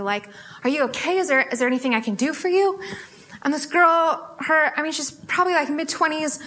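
Young American woman preacher with a high, bright voice, animated storytelling, filler-heavy and chatty. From United States. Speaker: guest speaker at a student fellowship. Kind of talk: testimony sermon.

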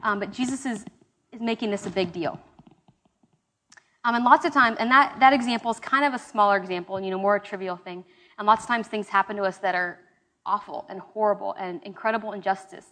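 Brisk and a bit bright, a young woman's mid-range voice carries a casual Bible study talk. She leads a small group in conversational sermon teaching, with fillers and restarts along the way.

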